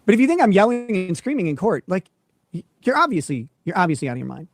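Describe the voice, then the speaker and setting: Man, defensive, self-justifying, animated pitch, dry recording. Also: fast talker, no room sound.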